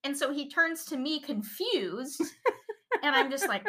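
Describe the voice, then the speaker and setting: A woman co-hosting a podcast in a lively, casual storytelling mode, her voice bright and fairly high. She laughs often as she talks and gets animated with the story. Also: unhurried. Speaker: podcast co-host.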